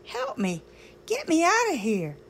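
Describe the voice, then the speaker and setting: A woman's voice: medium pitch, very animated, very slow, a bit bright, a little hiss or hum, exaggerated voice. A woman voicing a pleading, suffering teacup. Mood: distressed. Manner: pleading, crying out in distress. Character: suffering talking teacup shaped by its master. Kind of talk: reading a poem aloud.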